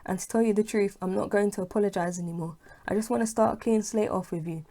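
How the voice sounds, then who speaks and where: A woman's voice: mid-range voice, steady tone, fast, mellow, close to an everyday voice. A woman reading as a smug, pushy young man. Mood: persuasive.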